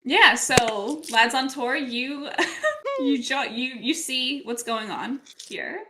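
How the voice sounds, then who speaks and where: A woman's voice: high voice, sing-song, slow pace, bright, forceful tone, slight background noise. A woman running a tabletop game as game master, chatting loosely and laughing often.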